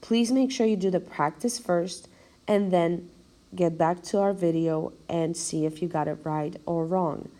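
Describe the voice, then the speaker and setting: A woman's voice: lowish voice, dark tone. A woman teacher giving a recorded video lecture, explaining step by step and counting out syllables with care. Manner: slow, careful explanation, spelling out syllables. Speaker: language teacher.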